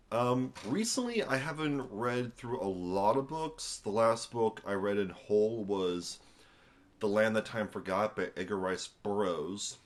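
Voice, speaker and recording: A young American man, tired after a long day, rambling casually at home into a camera on a tripod, full of fillers and wry asides. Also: lowish voice. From United States. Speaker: vlogger reviewing a book. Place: at home indoors.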